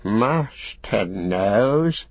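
A man's voice: lowish voice, lively intonation, drawn-out words, dry recording, heavily acted. A man voicing a wretched, cringing male creature in an audiobook, whimpering and fawning with self-pity. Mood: whining. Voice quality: whimpering, hissing, self-pitying. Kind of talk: audiobook character voice. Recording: dull, dry studio recording.

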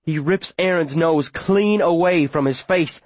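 A man's voice: on the high side, a little slow, a little mellow, no echo. Man narrating urgently, dry close recording. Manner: urgent, breathless run-on telling. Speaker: audiobook narrator. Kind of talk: first-person audiobook narration.

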